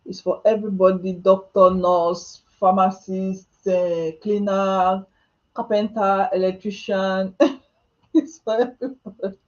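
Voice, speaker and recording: On a live stream at home, a Nigerian vlogger fields questions from the chat, poking fun at herself and laughing often, with asides in Nigerian Pidgin. She talks slowly and steadily in a warm, mellow, mid-range voice. The audio sounds somewhat dull and muffled.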